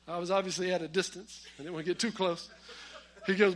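A man preaching a sermon, telling stories with humor and swinging between loud emphasis and quiet asides. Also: high voice, quick pace. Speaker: pastor.

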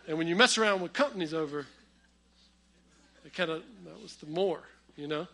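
A man preaching a sermon, telling stories with humor and swinging between loud emphasis and quiet asides. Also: fairly high pitch, normal speed, vocal fry. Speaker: pastor.

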